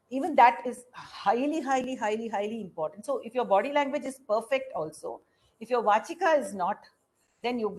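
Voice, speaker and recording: A middle-aged woman with an Indian English accent gives an academic lecture at a middle pitch. She speaks off the cuff, pausing on fillers and restarting phrases as she gathers her thoughts. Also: rough recording. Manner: unscripted, halting, many fillers and restarts. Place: lecture hall.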